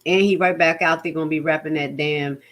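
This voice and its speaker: A woman's voice: deep voice, fairly even intonation, brisk. A woman giving indignant, profane commentary and reading news aloud with her own asides. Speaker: political commentary vlogger. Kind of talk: casual ranting commentary.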